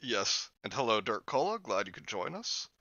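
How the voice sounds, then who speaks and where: Brief: quippy co-host in their late twenties, bright voice, dull dry recording. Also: medium pitch, sing-song, moderate pace, no room sound. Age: late 20s. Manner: joking, quotes memes. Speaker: podcast co-host. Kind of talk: casual chat.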